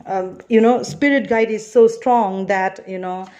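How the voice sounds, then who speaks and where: A woman's voice: mid-range voice, steady tone, measured pace, mellow. Lady doing a chatty tarot reading, earnest, lots of "you know". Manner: chatty and rambling, frequent "you know" and "all right"; earnest and reassuring. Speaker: tarot reader. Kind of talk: tarot card reading to camera.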